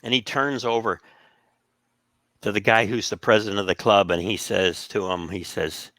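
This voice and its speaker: A man's voice: lowish voice, moderate pace, no echo, studio quality. A man casually telling stories on a podcast, acting out the voices of the people in them. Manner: animated, acts out quoted voices. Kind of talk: casual storytelling.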